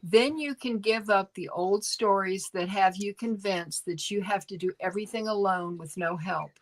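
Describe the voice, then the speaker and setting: A woman co-hosting a tarot reading stream, reading cards aloud in a gentle, unhurried way with fillers. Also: mid-range voice, poor audio. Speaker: tarot reader co-host.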